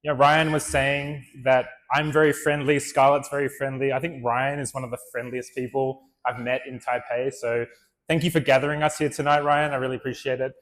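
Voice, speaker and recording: A man tells stories to a room in a loose, chatty way, full of "like" and "you know". His pitch sits in a mid range. He sounds easy-going and conversational rather than polished. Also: brisk. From Australia. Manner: relaxed, chatty, with many fillers. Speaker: speaker and vlogger. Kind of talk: storytelling talk to an audience.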